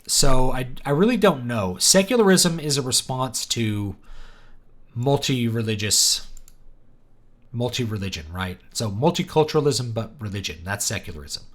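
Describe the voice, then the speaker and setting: A man hosting a writing livestream, answering chat questions in a halting, thinking-aloud way with many pauses. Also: medium pitch, animated.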